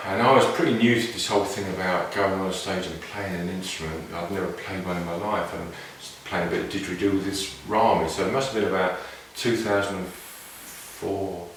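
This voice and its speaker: A man's voice: low voice, slight background noise. A man telling casual, meandering anecdotes in a reflective way. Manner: meandering, reflective, with many restarts. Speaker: didgeridoo player sharing stories. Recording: very echoey room, mic far off.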